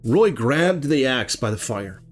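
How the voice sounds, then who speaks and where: A man telling a grim story casually, animated and conversational, acting out sounds as he goes. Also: medium pitch, a little slow, soft background music.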